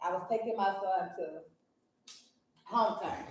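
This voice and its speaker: A woman's voice: normal speed, a little hiss or hum. A woman co-hosting a podcast, telling a story in casual chat and acting out the people she quotes. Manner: animated, acts out quoted people in a higher voice. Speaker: podcast co-host. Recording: echoey room, mic far off.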